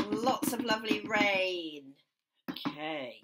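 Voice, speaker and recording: A woman's voice: a little high, slow pace, over loud music. A woman teacher reading a children's story aloud and leading the children in sound effects. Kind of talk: children's musical story time.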